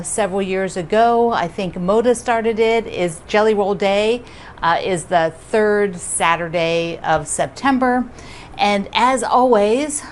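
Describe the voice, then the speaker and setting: A woman's voice: mid-range voice, slight background noise. A woman who hosts a quilting vlog and teaches quilting, chatting casually and cheerfully to the camera from her home, often laughing. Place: home living room.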